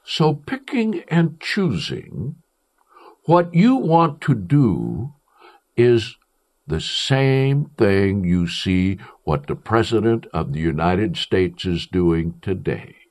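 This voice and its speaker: An emphatic male preacher delivering a sermon. His pitch rises and falls a great deal as he declaims, and his delivery is slow and deliberate overall. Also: sing-song, a little mellow.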